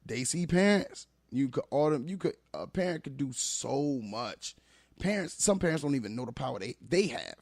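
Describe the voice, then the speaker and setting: A man who works as a teacher, talking as a guest on a podcast, telling animated, emphatic stories. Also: mid-range voice, moderate pace, vocal fry, dry recording, studio quality. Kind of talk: casual podcast conversation.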